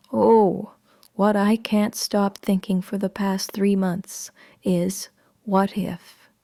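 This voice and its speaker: A woman narrating a story in the first person, in a slow, hushed way that often drops to a whisper. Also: mid-range voice, no echo, studio quality.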